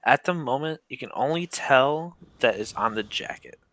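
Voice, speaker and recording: Game master guy, bright tone, easygoing, trips over words a bit. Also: mid-range voice. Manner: relaxed, unhurried narration with small slips. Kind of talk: narrating a tabletop game.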